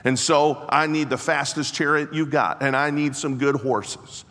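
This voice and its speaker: A man voicing a dutiful royal messenger, brisk and insistent. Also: fairly high pitch, fairly even intonation, pitched above the performer's own voice. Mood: earnest. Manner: brisk, insistent, calls out loudly. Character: king's messenger, a dutiful male servant. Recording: long hall reverb.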